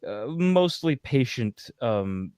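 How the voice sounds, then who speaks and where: A man hosts a live podcast in a loose, rambling way, stopping often on little fillers. His voice is mid-pitched. The sound is dry and close. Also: slow pace, clean tone, no room sound. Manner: relaxed, rambling with many likes and uhs. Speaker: podcast host and producer. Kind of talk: casual live podcast chat.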